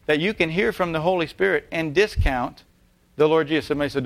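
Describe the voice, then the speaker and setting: A man's voice: on the high side, fast, a bit bright. A man preaching a sermon, emphatic and repeating key phrases, putting rhetorical questions to his congregation. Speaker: pastor.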